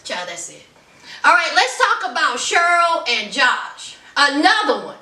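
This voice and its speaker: A woman's voice: high voice, very animated, unhurried, pushed and bright, reverberant, recorded from a distance. A woman giving a casual, sassy recap of a reality TV episode, acting out the people she quotes and laughing often. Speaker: reality TV reviewer.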